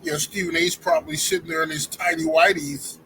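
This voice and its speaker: A man's voice: on the high side, fairly even intonation, fairly quick, creaky, a bit bright, a little hiss or hum, poor audio. A man giving an opinionated sports rant to his channel's viewers, heated and talking straight at them. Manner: heated, addresses viewers directly as y'all. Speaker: sports commentary YouTuber.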